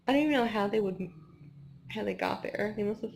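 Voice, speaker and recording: A woman's voice: medium pitch, fairly quick, vocal fry, darkish tone, a little hiss or hum. A woman in her twenties chatting casually in a vlog after a race, tired and rambling with lots of "like" and restarts. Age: 20s. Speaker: vlogger.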